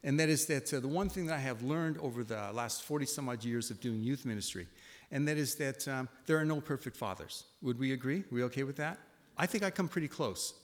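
A man in his sixties giving a sermon, telling a personal story and swinging from hushed reflection to loud exclamations. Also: medium pitch. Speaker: pastor. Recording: long reverb of a hall.

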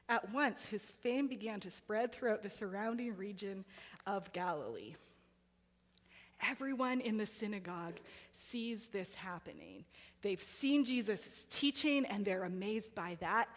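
A woman's voice: mid-range voice, lively intonation, unhurried. A woman preaching a sermon in a conversational way, asking her listeners questions. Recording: hall reverb.

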